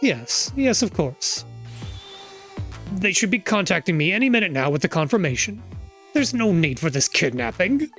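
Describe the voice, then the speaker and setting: A cold kidnapper voiced by a streamer delivers calm, measured threats. The delivery is even and controlled, with faint music behind it. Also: medium pitch. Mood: menacing. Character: cold, menacing male kidnapper on the phone. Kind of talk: reading game dialogue aloud.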